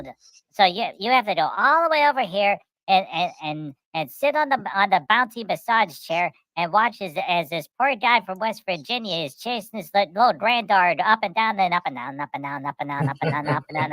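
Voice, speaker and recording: A woman's voice: lowish voice, a little fast, a bit bright, dry recording, rough recording. A woman telling long comic stories in casual chat, repeating words, restarting, and acting out the people in them. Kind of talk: rambling comic storytelling.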